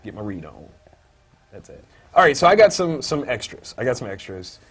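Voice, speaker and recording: A man co-hosting a casual comic book review podcast, thinking aloud with many fillers and breaking into loud, high-pitched outbursts when excited. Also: moderate pace, slightly rough. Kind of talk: casual chat.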